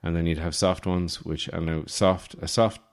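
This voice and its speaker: An Irish man in his forties, hosting a podcast with a rambling, deadpan comic monologue full of fillers and restarts. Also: deep voice, normal speed, clear, resonant tone. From Ireland. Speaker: podcast host.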